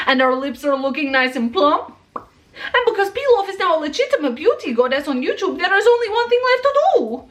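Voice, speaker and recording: A chatty woman talks through a casual makeup tutorial, rambling with plenty of fillers and playful theatrical flourishes. Her voice sits high and swings widely up and down as she hypes up the viewer. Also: very animated, a little fast. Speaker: makeup vlogger.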